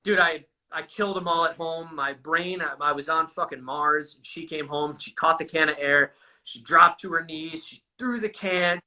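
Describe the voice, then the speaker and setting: A man's voice: a little high, moderate pace, pushed and bright, low-quality recording. A man telling his own story in casual, profane talk, calling his listener "dude" again and again. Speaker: guest sharing a recovery story. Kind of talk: candid conversational storytelling.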